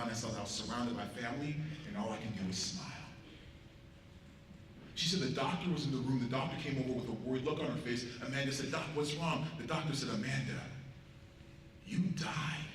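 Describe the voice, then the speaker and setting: Animated man in an echoey hall. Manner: animated storyteller, acting out quotes with big swings in loudness. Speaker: motivational speaker at a school assembly. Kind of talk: storytelling speech to students. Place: large school hall. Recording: very echoey hall, voice from far off, faint rumble.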